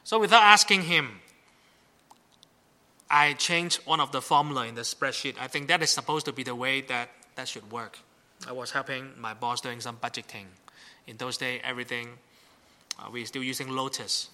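Bright-voiced conversational male pastor. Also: mid-range voice, normal speed. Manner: conversational, asks the congregation "right?". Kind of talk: sermon.

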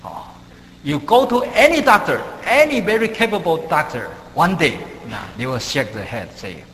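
Male preacher, halting delivery full of fillers, very lively pitch, long hall reverb. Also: a little hiss or hum. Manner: halting, many "uh" fillers, non-native grammar; rises sharply in pitch and volume for emphasis. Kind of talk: sermon.

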